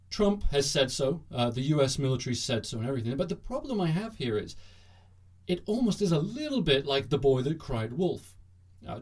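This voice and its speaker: A man's voice: mid-range voice, a little mellow. A man hosting a satirical news monologue, talking in a sarcastic, jokey way. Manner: sarcastic, jokey, bursts into mock cheering. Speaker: host.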